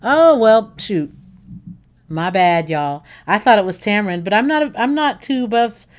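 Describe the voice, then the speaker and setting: A woman's voice: mid-range voice, expressive, a little slow. Chatty, gushing woman livestream host. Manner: chatty and enthusiastic, gushing over food; rambling, with many fillers and self-corrections. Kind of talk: casual chat with viewers.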